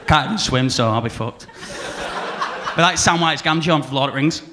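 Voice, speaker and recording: A young man with a Salford accent doing a rambling stand-up set, laddish and quick to mimic people. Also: on the high side, noisy background. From Salford, England. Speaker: new act comedian. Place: comedy club stage.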